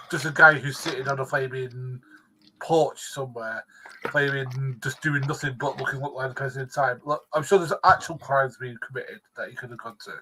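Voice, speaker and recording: A man with a bright, tense voice joins a casual podcast chat, stumbling and restarting his phrases. A faint hiss sits under his voice. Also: mid-range voice, poor audio. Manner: hesitant, stammering restarts. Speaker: podcast panelist.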